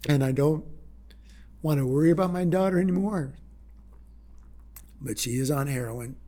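A man in his sixties sharing a heartfelt personal story in a halting way, with repeated words and restarts. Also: a little high, dark tone. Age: 60s. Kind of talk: personal testimony talk.

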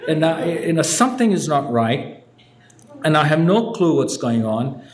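A man's voice: a little high, sing-song, normal speed. A man from India telling his life story from a podium, wry and self-mocking, with audience laughter in the room. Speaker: recovery meeting speaker. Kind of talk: personal story told from a podium. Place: meeting hall with an audience. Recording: echoey room.

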